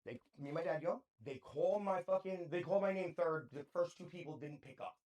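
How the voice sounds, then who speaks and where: A man's voice: a little high, a little fast, a little mellow. A man in his thirties, co-hosting a podcast and telling a story in casual chat, full of slang and swearing. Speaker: podcast co-host.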